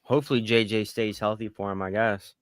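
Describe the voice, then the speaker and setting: A man in his thirties co-hosting a casual sports podcast, telling animated stories and swearing casually. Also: on the low side, fairly quick, no echo, clean studio sound. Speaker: podcast co-host.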